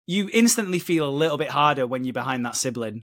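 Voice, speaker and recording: A man hosting a casual podcast chat, animated, laughing and swearing freely. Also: medium pitch, quick pace, dry recording, studio quality. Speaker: podcast host. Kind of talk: casual chat recapping a soap episode.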